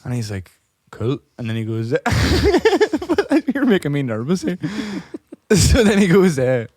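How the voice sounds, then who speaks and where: A man's voice: a little high, huge pitch swings, slow, darkish tone, no room sound, studio quality. Hungover man telling a joke. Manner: rambling, swears freely, laughs at his own jokes. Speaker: podcast co-host. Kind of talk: casual chat, telling a long shaggy-dog joke.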